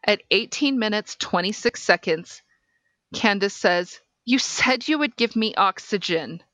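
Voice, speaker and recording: A woman podcast host reading a case transcript aloud in a measured, deliberate way. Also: mid-range voice, lively intonation, fairly bright tone, dry recording.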